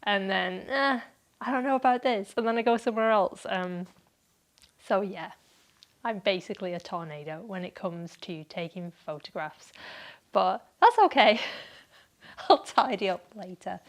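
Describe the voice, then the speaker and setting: A woman talks through her solo podcast in a loose, chatty way, often breaking into little laughs. Her voice sits at an ordinary middle pitch for a woman. She sounds relaxed and self-deprecating, speaking from home. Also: unhurried. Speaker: podcast host. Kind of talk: casual solo podcast chat.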